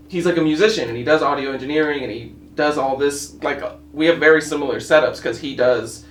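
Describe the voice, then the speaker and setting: A man's voice: medium pitch, a bit bright. A man co-hosting a podcast in casual chat, telling stories in a rambling way. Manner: rambling, laughs while retelling. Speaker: podcast co-host.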